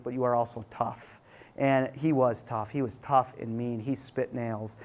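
Animated male lecturer telling a story. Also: mid-range voice. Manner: animated storyteller, acts out quoted thoughts. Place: lecture hall.

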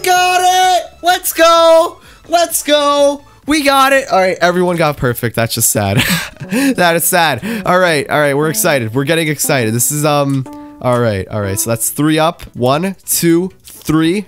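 A young man giving excitable gaming commentary, talking to himself while he plays. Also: a little high, normal speed, faint music behind. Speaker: gaming YouTuber.

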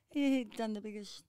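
A woman's voice: mid-range voice, dark tone, clean tone, dry recording, studio quality. An Australian woman from the Brisbane area, a podcast guest telling crude stories in casual chat and laughing often. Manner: laughing storyteller, crude humour.

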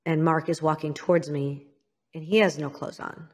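A woman's voice: low voice, steady tone, moderate pace, darkish tone. A woman from Illinois, a guest in an interview, telling a frank personal story and often calling herself out. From Illinois, United States. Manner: frank, self-critical, acts out others' lines.

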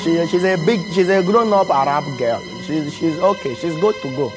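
A man's voice: fairly high pitch, expressive, normal speed, close to an everyday voice. An actor playing a wealthy young Nigerian man who stammers and repeats his words. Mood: dismissive. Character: smooth-talking rich young man, Obed. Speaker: wealthy businessman. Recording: film scene with music score.

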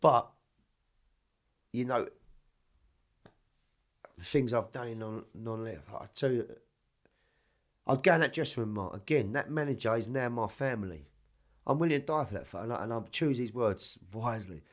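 A man telling rough, animated stories in a casual podcast chat, swearing constantly. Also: medium pitch, normal speed, long pauses. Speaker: podcast guest.

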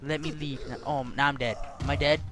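A man giving profane let's-play commentary, swearing constantly and yelling at the game. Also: a little high, fairly even intonation, a little fast, noisy background. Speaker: gaming commentator.

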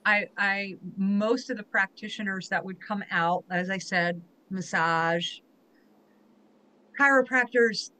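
A woman's voice: mid-range voice, slow, sharp tone, poor audio. A woman hosting a podcast interview, sharing heartfelt, emotional stories in a conversational way. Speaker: podcast host.

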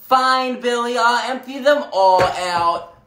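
A performer voicing a scheming, tough grandmother in a comedy skit, with a sly, bossy, drawn-out way of talking. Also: mid-range voice, background noise, natural voice.

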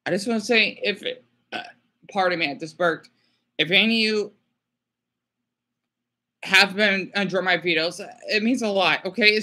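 Stressed guy livestreaming, bright voice, stumbles and repeats himself a lot, keeps saying sorry. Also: high-pitched. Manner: halting, repetitive, apologetic. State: stressed and distressed. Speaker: small YouTuber livestreaming. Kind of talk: emotional live stream talk.

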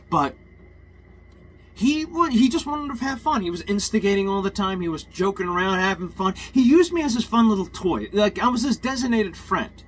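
A man's voice: sits high, slight background noise. A man ranting in a heated, rambling personal monologue, swearing often and restarting his sentences.

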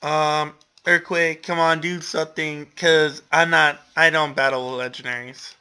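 Young male gamer, slow-paced casual commentary, self-mocking, exclaims a lot. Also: a little high, flat delivery, pushed and bright, clear, resonant tone. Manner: self-deprecating, exclamatory, laughs often.

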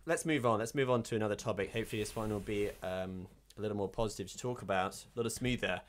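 A man hosting a film podcast, asking questions in a hesitant, polite, deadpan way. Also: on the low side, fast talker, a little hiss or hum. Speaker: podcast host. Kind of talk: deadpan mock interview.

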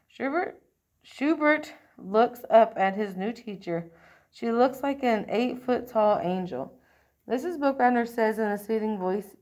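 Woman narrating a kids' picture book, expressive, relaxed and unpolished. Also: medium pitch, measured pace. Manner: expressive, occasional slips and throat-clearing. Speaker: storybook reader. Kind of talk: reading a picture book aloud.

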